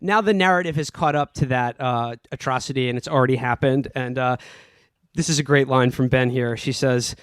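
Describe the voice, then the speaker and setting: A man's voice: mid-range voice, brisk, clear, resonant tone, dry recording. A man co-hosting a comedy podcast, reading a novel aloud in a mocking, dramatic way and often breaking into laughter. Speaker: podcast co-host.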